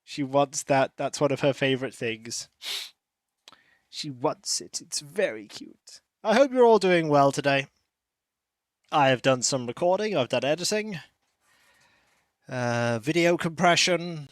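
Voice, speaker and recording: A man's voice: on the high side, lively intonation, a little slow, long pauses, dry recording. A man streaming from home, chatting casually with viewers and cooing at his cat. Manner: chatty, coos and baby-talks to his cat. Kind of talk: casual pre-stream chat.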